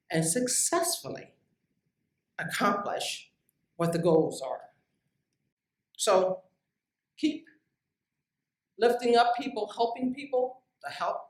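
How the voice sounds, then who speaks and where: A woman scientist giving a direct, emphatic motivational lecture to young researchers. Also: mid-range voice. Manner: emphatic, direct, lively with asides. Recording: echoey room, distant mic.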